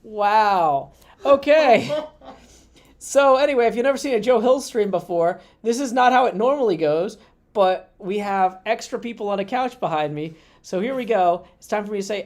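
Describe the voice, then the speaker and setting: A man's voice: high voice, animated, measured pace. A man hosting a livestream, telling a rambling anecdote casually with lots of fillers, talking from his streaming setup at a convention. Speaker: livestream host. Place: indoors at a gaming convention. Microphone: streaming setup at a computer.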